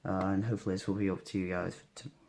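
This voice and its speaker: A young man with a cold, sniffly and a bit hoarse, talking tiredly through a casual daily vlog with lots of fillers. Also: deep voice, dark tone, a little hiss or hum. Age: young adult. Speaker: vlogger.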